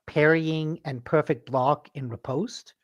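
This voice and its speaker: A podcast co-host on a call, talking in a halting way full of fillers and laughing easily. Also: medium pitch, steady tone, muffled recording. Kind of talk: casual chat. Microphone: remote call mic.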